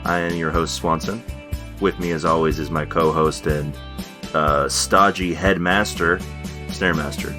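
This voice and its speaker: A man's voice: rumbling low, fairly even intonation, unhurried, music in the background. A man hosting a comedy podcast in upbeat, chatty casual talk. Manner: upbeat, chatty, laughs often. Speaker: podcast host. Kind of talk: casual chat.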